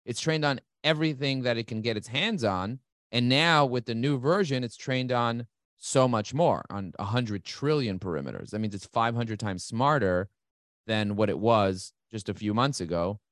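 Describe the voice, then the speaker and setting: A middle-aged man talking as an interview guest, fast and enthusiastic, repeating key words for emphasis. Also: mid-range voice, fairly bright tone, dry recording, studio quality. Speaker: guest, marketing agency CEO. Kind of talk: energetic interview talk.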